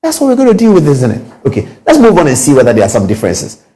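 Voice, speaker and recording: A man's voice: on the high side, huge pitch swings, very fast, mellow. A man giving political commentary, emphatic and repetitive, firing off rhetorical questions.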